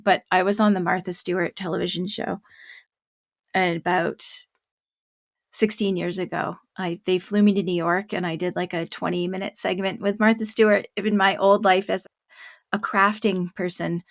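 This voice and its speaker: A middle-aged woman hosting a podcast in casual conversation. She rambles warmly through stories with plenty of fillers and quick laughs. Her voice has a creaky, gravelly texture, and the recording is dry and close. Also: lowish voice, level tone, dry recording. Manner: chatty storyteller, laughs often, many fillers. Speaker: podcast host and parent coach.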